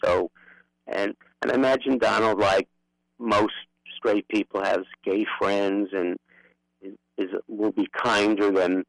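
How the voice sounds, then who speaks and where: Slow and steady, an older man with a lowish, gravelly voice and a Brooklyn accent holds forth as a passionate, outspoken radio interview guest. He's a political activist from Brooklyn, New York. The audio is poor, though free of echo.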